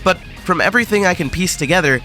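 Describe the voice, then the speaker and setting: Young guy ranting sarcastically about a game update, swears a lot, bright edgy voice, light music under it. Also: high voice, lively intonation, fast. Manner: crude, profane, mock-dramatic. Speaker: gaming video host. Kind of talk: sarcastic gaming commentary.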